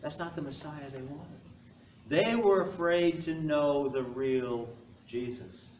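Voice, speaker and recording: Brief Male pastor, higher-pitched voice, chatty sermon, echoey church, mic at a distance. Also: slow, darkish tone, a little hiss or hum. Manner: conversational, joking asides to the congregation. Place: church sanctuary. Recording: echoey church heard from afar.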